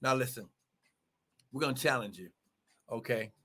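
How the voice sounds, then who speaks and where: A man's voice: medium pitch, moderate pace, sharp tone, husky. A man preaching a livestreamed sermon with fervent exclamations and repeated phrases.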